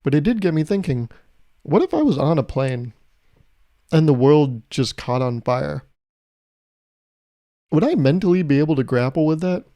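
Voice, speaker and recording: A man's voice: a little high, animated, normal speed, long pauses, dark tone, dry recording. A young man hosting his podcast, telling a travel story in a casual, comedic way with exasperated, swearing rants. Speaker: podcast host.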